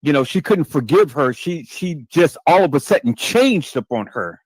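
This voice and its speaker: A man's voice: a little high, big pitch swings, normal speed, slightly rough, no room sound. A man hosting a livestream, talking heatedly with lots of stammered restarts and cursing. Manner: repetitive, stammering restarts, emphatic and profane. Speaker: livestream host.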